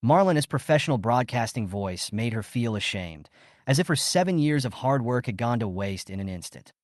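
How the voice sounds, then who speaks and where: A man's voice: mid-range voice, animated, moderate pace, dry recording. Guy narrating a story recap, bouncy up and down delivery, dead dry sound.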